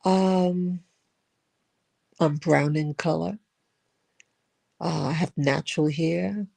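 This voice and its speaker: Slow, gravelly older storyteller. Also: medium pitch, fairly even intonation, a little mellow. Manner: rambling, with frequent repeats and restarts. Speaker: spiritual vlogger. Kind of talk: reflective storytelling monologue.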